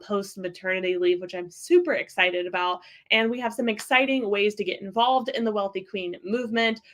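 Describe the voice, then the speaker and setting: A young woman hosts her own motivational show, chatting in a loose, upbeat way and leaning on filler words. Her voice sits at an ordinary middle pitch. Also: a bit bright. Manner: chatty, upbeat, says "like" often. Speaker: podcast host and business coach. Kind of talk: casual motivational talk.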